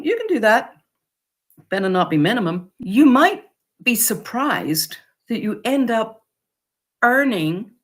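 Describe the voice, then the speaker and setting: A woman vlogger who makes upcycled clothing, giving casual, encouraging advice to camera and acting out customers. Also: mid-range voice. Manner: encouraging, lively, acts out customer quotes.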